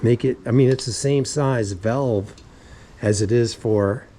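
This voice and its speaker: A man's voice: mid-range voice, a little slow, warm tone, a little hiss or hum, low-quality recording. A man casually talking through a bike tube repair in a vlog, rambling, muttering to himself and swearing now and then. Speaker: vlogger.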